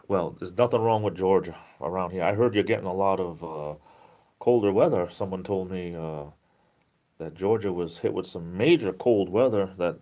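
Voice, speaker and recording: Low-voiced chatty New England man. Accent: southeastern New England. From southeastern New England. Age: 40s. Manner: rambling, reads viewer chat aloud and answers it; speeds up when excited. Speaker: live stream host. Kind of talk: casual live stream chat.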